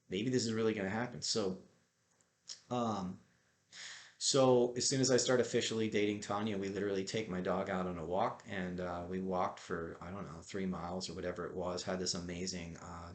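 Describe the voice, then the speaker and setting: A man's voice: sits low, level tone, a little fast, reverberant. A middle-aged man telling a personal story in a casual, rambling way, with many fillers and restarts. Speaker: qigong teacher and vlogger.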